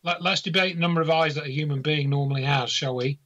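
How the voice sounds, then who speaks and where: A man talking earnestly in casual chat, halting at first, then emphatic. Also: fairly high pitch, fairly even intonation, fairly bright tone. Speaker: guest. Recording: dull lo-fi audio.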